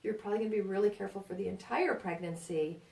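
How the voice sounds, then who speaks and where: A woman's voice: medium pitch, quick pace, gravelly, a little mellow. Chatty New York woman, birth educator, roomy sound from a distant mic. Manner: chatty, reassuring, asks "right?" often. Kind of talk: informal prenatal class talk.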